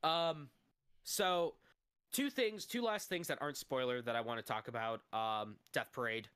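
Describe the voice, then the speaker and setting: A man's voice: medium pitch, moderate pace, a bit bright, clean tone, no echo, clean studio sound. A man co-hosting a podcast, ranting in casual, profane banter. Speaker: podcast co-host.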